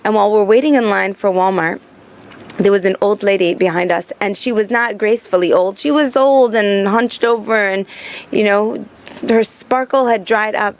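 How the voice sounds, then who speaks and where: Earnest woman telling a heartfelt story. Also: medium pitch. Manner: earnest, emphatic, lingers slowly on key phrases. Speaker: storyteller recounting memories of her grandfather.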